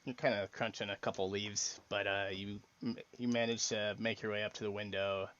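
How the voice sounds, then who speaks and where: Male game master, casual and halting, lo-fi recording. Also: fairly low pitch, flat delivery, a bit bright. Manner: halting, full of fillers and restarts. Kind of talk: narrating a tabletop game.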